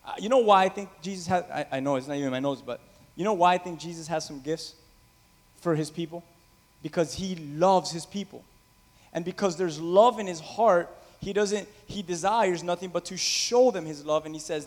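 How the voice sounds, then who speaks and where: A man preaching a sermon as pastor, impassioned, swinging from loud calls to quiet asides. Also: high-pitched, moderate pace. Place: church sanctuary. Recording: reverberant hall.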